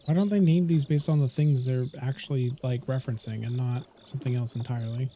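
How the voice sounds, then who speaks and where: Speaking fairly quickly with a mellow, medium-pitched voice and a steady tone, a man chats casually with viewers while live-streaming a game. He rambles and keeps correcting himself as he talks to chat, with slight background noise.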